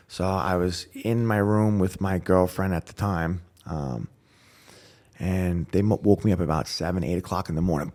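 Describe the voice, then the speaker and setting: A man guest on a podcast, telling his recovery story with animated storytelling, acting out voices and dropping to a whisper at grim moments. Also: deep voice, normal speed. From New York. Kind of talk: emotional storytelling.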